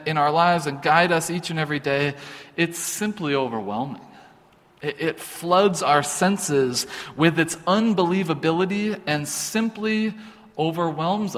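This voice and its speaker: A man's voice: fairly high pitch, a bit bright. A man pastor giving an informal, earnest sermon, often restarting his sentences. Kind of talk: conversational sermon. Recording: long hall reverb.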